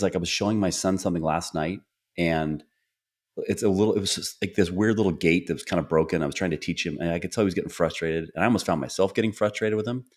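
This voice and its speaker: A middle-aged man with a low-pitched voice hosts a relaxed, conversational podcast interview. Speaking earnestly, he tells stories about his family and slips into short acted-out lines of quoted dialogue.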